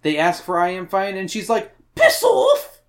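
In a loose, casual book club chat, a podcast host reads chapter summaries aloud at a middling pitch and a fairly quick pace. The jokes stay crude and irreverent throughout.

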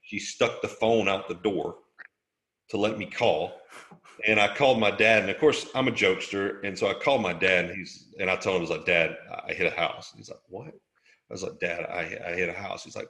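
A man's voice: low voice, fairly quick, pushed and bright, reverberant. A middle-aged man from Alabama, an interview guest telling a story in a casual, jokey way and laughing often.

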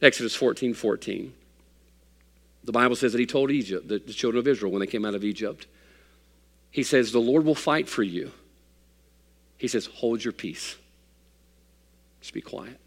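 A male pastor preaching a sermon, swinging between loud, emphatic passages and hushed, soft ones. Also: on the low side. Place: church sanctuary. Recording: long hall reverb.

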